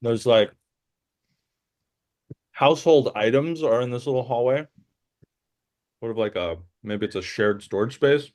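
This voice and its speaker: A man running a tabletop game, describing the scene at an unhurried pace. His delivery is casual and loose, full of filler words. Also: medium pitch, a little mellow. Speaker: game master.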